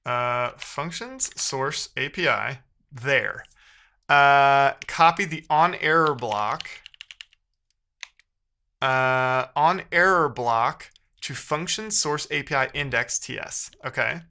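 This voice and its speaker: A man streams himself live as he debugs code, thinking out loud and swapping sarcastic jabs with his chat in casual coding commentary. His voice sits at a medium pitch, and he speaks slowly with a sharp edge.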